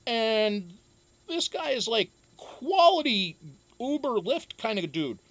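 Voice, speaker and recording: Reading out viewer comments on a livestream, the host chats casually, swears freely, jokes and laughs often, with frequent ums. The medium-pitched voice is sing-song, slow and fairly bright, with no echo.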